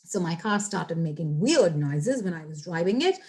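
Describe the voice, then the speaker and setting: A young woman with a fairly low, dark-toned voice and lively intonation gives a casual online lesson on English phrasal verbs at normal speed. She's chatty and repetitive, speaking directly to viewers and calling them "guys."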